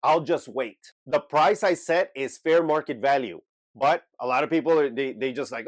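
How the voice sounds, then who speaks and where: A man's voice: mid-range voice, normal speed, dry recording. Blunt man talking to camera. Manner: blunt, emphatic, speaks to viewers directly. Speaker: eBay reseller and channel host. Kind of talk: unscripted talking-head vlog.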